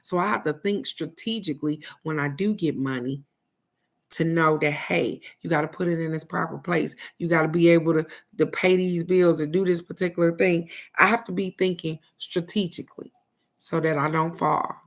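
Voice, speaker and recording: A middle-aged woman doing a casual live-stream card reading, loud and animated, swearing freely and laughing big. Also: low voice, normal speed. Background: faint background music.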